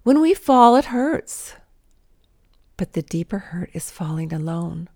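Earnest gravelly-voiced woman giving a devotional. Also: fairly low pitch, animated, measured pace, a little mellow. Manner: earnest, intimate, drops to a whisper at times. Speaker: Christian speaker. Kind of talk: devotional talk.

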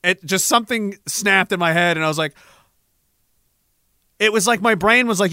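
A young veteran tells a rough story in a casual, profane way, often laughing at himself. His voice sits high and bright. The sound is dry and close, with no room around it. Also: moderate pace, long pauses, dry recording. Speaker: military veteran telling a story.

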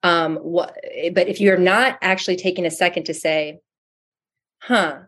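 A woman's voice: on the low side, steady tone, unhurried, fairly bright tone. A woman guest talking casually about spiritual growth, frank and swearing freely, acting out inner voices as she goes. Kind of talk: casual spiritual coaching talk.

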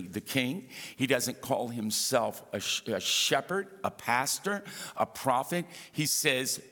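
Male pastor, bright and animated, joking asides to the crowd, long church reverb. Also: mid-range voice. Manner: animated, humorous storytelling with asides to the congregation. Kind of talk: sermon. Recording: reverberant hall.

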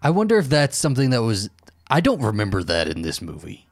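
A man with a very deep voice and a mixed, hard-to-place accent, co-hosting a casual film commentary. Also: huge pitch swings, a little fast, no room sound. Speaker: podcast co-host.

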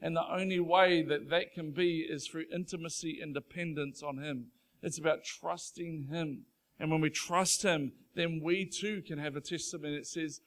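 A man's voice: on the high side, fairly even intonation, normal speed. A man preaching a sermon from a church stage, conversational and earnest, rising to emphatic passages. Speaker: pastor. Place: church stage before a congregation.

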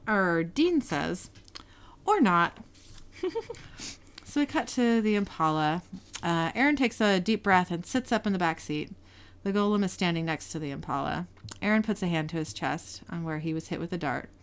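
This podcast host speaks with a fairly low, clean-toned voice as she recaps a TV episode one scene at a time. It's a casual show, and she laughs frequently while voicing the characters' dialogue with quick changes in delivery.

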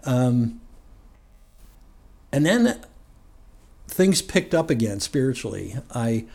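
Speaking slowly in a creaky, ordinary mid-pitched voice, a New Jersey man appears as a guest to recount his own story. He rambles in a relaxed, conversational way, chuckling often.

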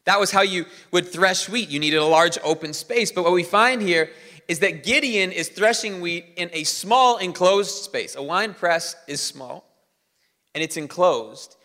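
A man preaching a sermon as pastor, animated and drawing the congregation in. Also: high-pitched, measured pace, big-room sound.

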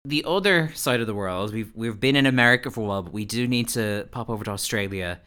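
A man's voice: lowish voice, fast, crowd noise. A man hosting a podcast, chatting in a bubbly, gossipy way and acting out quotes with a laugh. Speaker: podcast host. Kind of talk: casual chat, interviewing.

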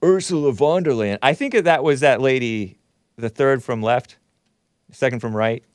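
A man's voice: medium pitch, moderate pace, no room sound, studio quality. A man hosting a commentary show, reading a news article aloud and breaking into sarcastic, mocking asides with chuckles. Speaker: host. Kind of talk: casual commentary monologue.

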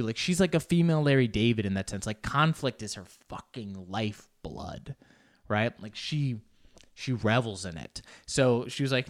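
A young man with a smooth, resonant voice talks in a loose, rambling monologue. He jokes, swears freely and keeps restarting his sentences. His pitch sits in a middle range. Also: lively intonation, moderate pace.

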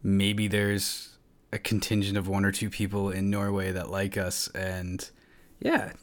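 A man's voice: deep voice, completely flat delivery, measured pace, no echo. A man co-hosting a casual podcast, rambling and self-deprecating, swearing freely. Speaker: podcast co-host.

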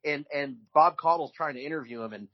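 A man co-hosting a podcast in casual chat, telling stories in a relaxed way with frequent restarts. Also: fairly high pitch, a little fast. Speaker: podcast co-host. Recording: dull lo-fi recording.

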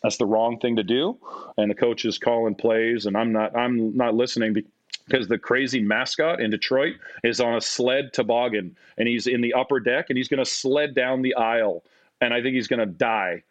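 A middle-aged man with a Canadian accent, a podcast guest telling stories in a casual, animated way. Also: a little fast, no echo. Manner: animated, acts out quotes in a higher voice. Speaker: podcast guest, former basketball player. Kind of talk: casual storytelling. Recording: dry, slightly dull audio.

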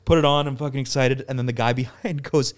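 A man's voice: mid-range voice, steady tone, fast. A man from Canada, a comedian guest on a podcast, telling stories in casual chat, swearing freely and laughing through them.

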